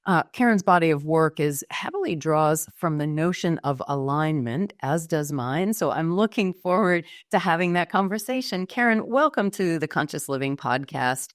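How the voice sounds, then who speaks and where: A woman's voice: low voice, animated, moderate pace, hardly any pauses, no echo, clean studio sound. A woman from the United States hosting a podcast interview, effusive and enthusiastic. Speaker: podcast host.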